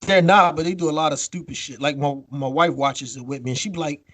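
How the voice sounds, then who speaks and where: A man co-hosting a podcast in casual chat, telling a story with lively acted-out quotes and free swearing. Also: fairly high pitch, quick pace, dry recording. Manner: animated storytelling, acts out quotes, swears freely. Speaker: podcast co-host.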